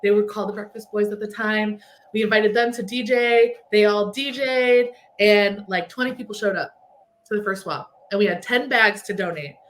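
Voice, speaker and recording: A woman's voice: medium pitch, moderate pace, a bit bright. A woman guest on a podcast, telling a long story in casual chat, full of "like" fillers. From Texas. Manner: chatty storyteller, lots of "like" fillers.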